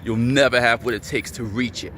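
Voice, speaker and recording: A man's voice: medium pitch, steady tone, fairly quick, fairly bright tone, slight background noise. A man hosting his own channel, ranting angrily at the camera, swearing and repeating himself. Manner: angry, repetitive and profane. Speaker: channel host.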